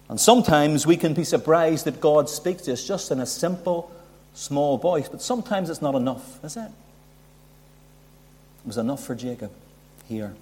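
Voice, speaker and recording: A man's voice: a little high, darkish tone. A man preaching a sermon, building emphasis and asking rhetorical questions. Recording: long hall reverb.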